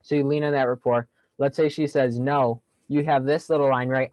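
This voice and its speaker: A man's voice: mid-range voice, steady tone, normal speed, darkish tone, no echo, low-quality recording. A young man giving a casual sales training talk on a video call, upbeat and jokey, acting out phone lines as he explains them.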